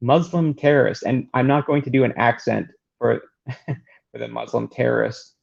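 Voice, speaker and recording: Brief: sarcastic male reader, gravelly, lo-fi home recording. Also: medium pitch, moderate pace, darkish tone. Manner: dry, sarcastic. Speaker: book reader and commentator. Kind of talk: reading aloud with sarcastic asides. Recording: dull lo-fi recording.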